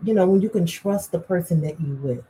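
Woman, wife in a casual couple's chat, relaxed, lots of "you know", faint ambience. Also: on the low side, fairly quick, a little hiss or hum, poor audio. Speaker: co-host, wife.

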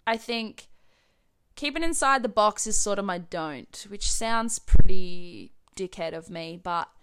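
Young aussie woman rambling to camera, smooth clear voice, lots of likes and giggles. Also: medium pitch, animated, measured pace, fairly bright tone. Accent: Australian. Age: young adult. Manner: chatty, rambling, frequent "like" and giggles. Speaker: vlogger. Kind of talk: casual chat to camera.

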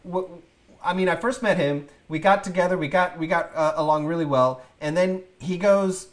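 A man's voice: high voice, normal speed. A man from Texas, a film actor, telling stories in casual chat with frequent laughter. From Texas, USA. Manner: laughing, animated storytelling.

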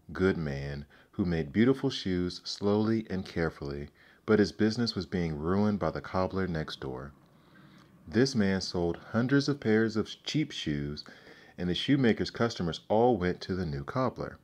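A man reads fairy tales aloud in a measured, gentle storybook narration. His voice is notably deep, and he keeps an even, unhurried telling.

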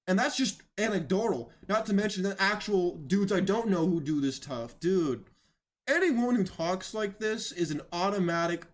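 A man giving mocking, incredulous reaction commentary on videos, often emphatic and raising his voice. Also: sits high.

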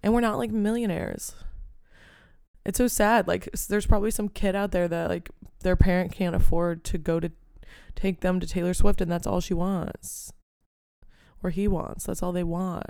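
A woman's voice: lowish voice, steady tone, moderate pace, vocal fry, dark tone, clean tone, no room sound, studio quality. A young woman hosting a casual solo podcast, rambling and ranting with plenty of swearing and filler words. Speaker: podcast host.

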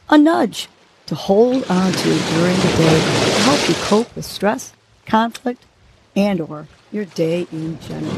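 A woman hosting a podcast, leading a breathing exercise and giving gentle, encouraging motivational words. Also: medium pitch, heavy background noise. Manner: gentle, encouraging, slow and deliberate. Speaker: podcast host. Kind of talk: guided breathing and motivational talk.

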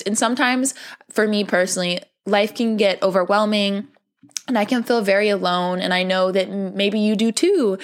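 A young adult woman hosting a podcast, talking in a gentle, earnest, casual way, full of "like" and calling her listeners "baby". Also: mid-range voice, steady tone, normal speed. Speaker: podcast host. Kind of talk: casual heartfelt monologue.

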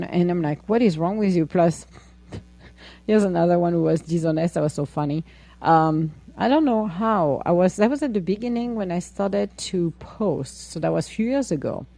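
A woman hosting a podcast, chatting casually and telling an animated story, laughing often and acting out her own replies. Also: lowish voice, normal speed, gravelly. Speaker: podcast host. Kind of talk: casual chat.

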